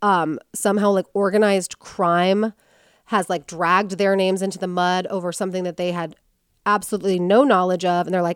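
A woman hosting a casual storytelling podcast, animated and full of fillers and quoted voices. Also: lowish voice, moderate pace, smooth, no echo, clean studio sound. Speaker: podcast host.

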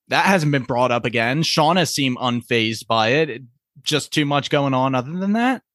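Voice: medium pitch, expressive, moderate pace, a bit bright, no room sound, studio quality. A podcast co-host casually asking the others questions about a TV episode. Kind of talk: casual TV recap chat.

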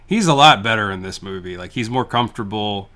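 A man co-hosting a movie podcast, chatting casually and retelling scenes with laughs and quick restarts. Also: fairly low pitch, expressive, sharp tone. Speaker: podcast co-host. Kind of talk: casual movie review chat.

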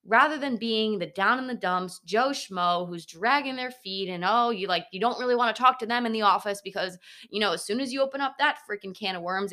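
A young woman hosting a motivational podcast, talking bluntly and swearing freely, with animated asides. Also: mid-range voice. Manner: animated, slips into mocking voices of others. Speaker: podcast host.

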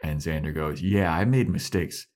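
Low-voiced male podcast co-host, casual, retells scenes by voicing the dialogue. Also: moderate pace, a little mellow. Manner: retells scenes by acting out characters' lines. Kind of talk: casual chat recapping a TV episode.

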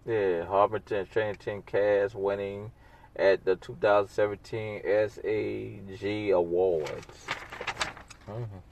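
Male solo podcast host, unhurried drawl, sarcastic and blunt, audible background noise. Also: on the low side, little pitch movement, gravelly, a little mellow. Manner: rambling, sarcastic, blunt, with asides. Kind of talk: casual solo podcast monologue.

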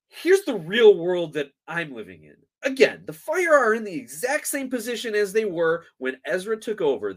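A man's voice: a little high, fairly bright tone. A man hosting a sports podcast, ranting in a frustrated, sarcastic and emphatic way. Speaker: podcast host.

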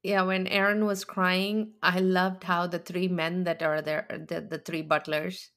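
A woman in casual podcast chat recapping a reality show, acting out the people she quotes with big, animated voices. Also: fairly low pitch, a little slow. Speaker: podcast co-host.

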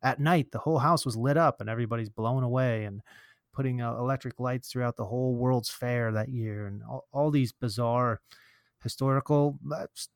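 A man hosting a marketing podcast in casual chat, tossing in quick jokes and asides. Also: mid-range voice, fairly even intonation, no echo, studio quality. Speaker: podcast host.

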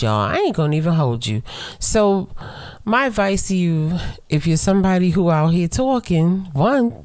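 A middle-aged woman hosting her own podcast, chatting playfully and straight to her listeners, slowing down to lean on the words she wants to stress. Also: lowish voice, a little mellow, no room sound. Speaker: podcast host. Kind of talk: casual solo podcast chat.

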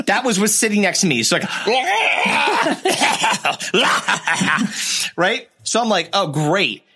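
A man with a high, breathy voice talks fast while telling a travel story in casual conversation. He's animated and swears a lot, acting out the voices of other people along the way.

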